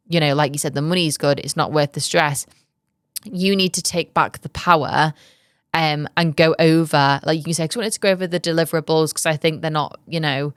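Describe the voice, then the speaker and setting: A young woman with a low, clean voice hosts a podcast, giving candid business advice in a casual, chatty way full of ums and likes. The recording is dry with clean studio sound.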